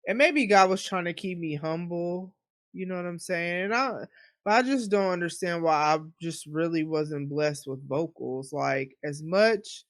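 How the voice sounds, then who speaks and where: A woman hosting her own podcast, telling stories in an animated, chatty way and acting out her own inner voice. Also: fairly low pitch, measured pace, no room sound, clean studio sound. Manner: chatty, animated storytelling with quoted self-talk. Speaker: podcast host. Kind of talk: casual solo podcast monologue. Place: apartment.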